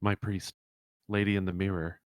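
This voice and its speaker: A man's voice: low voice, slow, dry recording, studio quality, full character voice. A man voicing a skittish birdlike kenku that speaks in broken, parroted phrases. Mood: wary.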